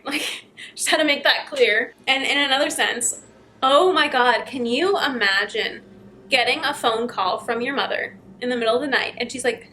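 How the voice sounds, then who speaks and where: A woman's voice: sits high, moderate pace, sharp tone, slight background noise. Chatty woman reacting to a story. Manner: chatty, amused, musing aloud. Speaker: channel host reacting to clips. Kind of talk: casual reaction commentary.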